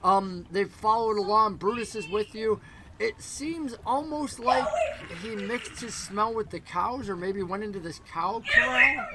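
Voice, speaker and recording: A man narrating a tabletop game as game master in a rambling, animated way. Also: sits high, unhurried, gravelly, noisy background.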